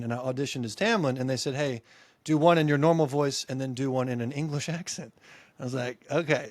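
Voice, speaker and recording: A man's voice: medium pitch, dry recording. A young man co-hosting a casual chat podcast, joking around, laughing often and trying out silly accents. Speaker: podcast co-host.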